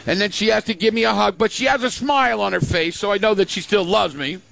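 An older grandfather chats on a show, telling family stories and voicing the people he quotes. He talks fast in a high, gravelly, slightly bright voice, with soft music in the background.

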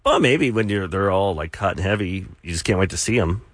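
A man's voice: sits low, lively intonation, fairly quick, dry recording, studio quality. A man co-hosting a morning radio show, joking and teasing. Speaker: radio co-host.

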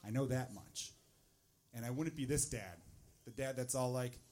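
A male stand-up comedian doing jokes and crowd work, animated and teasing, on a handheld mic in a comedy club. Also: mid-range voice, moderate pace, pauses often. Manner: animated, teasing, talks to audience members. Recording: noisy live club recording.

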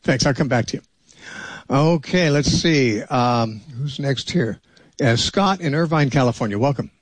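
A man's voice: mid-range voice, expressive, a little slow, no room sound. A man hosting a call-in radio show, talking directly and steering callers firmly.

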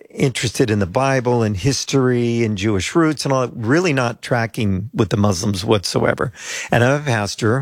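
A man's voice: mid-range voice, no room sound, clean studio sound. A pastor in his sixties from the United States, telling rambling anecdotes with asides as an interview guest.

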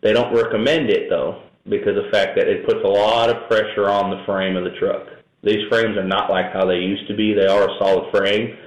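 Low-voiced man explaining trucks. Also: little pitch movement, fairly quick. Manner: knowledgeable, matter-of-fact, loose and rambling. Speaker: truck and camper towing expert guest. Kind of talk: casual interview chat. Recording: echoey room, faint noise.

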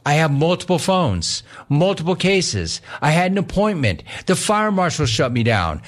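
A man on the radio telling a casual story, acting out the people in it with lively swings in his voice. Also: on the high side, moderate pace, soft background music. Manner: animated, acts out both sides of the story. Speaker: radio host.

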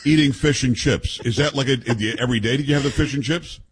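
A man's voice: medium pitch, quick pace, breathy edge. A man hosting a radio talk show, teasing and blunt with his co-hosts. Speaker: radio host. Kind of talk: casual radio chat.

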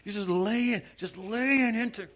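A man's voice: high voice, a little slow, a bit bright, slight background noise. A man from Southern California, a pastor preaching a sermon in a conversational, self-mocking storytelling way. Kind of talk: sermon with humorous personal anecdotes.

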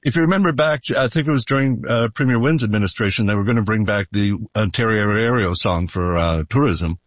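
A man's voice: lowish voice, a little fast, dry recording. A man telling stories on a casual political podcast panel. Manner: animated storyteller. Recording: dull, dry.

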